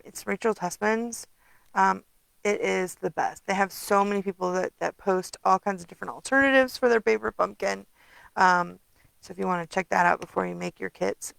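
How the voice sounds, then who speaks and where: A tired, yawning middle-aged woman chats casually through a papercraft tutorial, rambling with many ums. Her mid-range voice has vocal fry and is a bit bright. The recording is dry and low-quality.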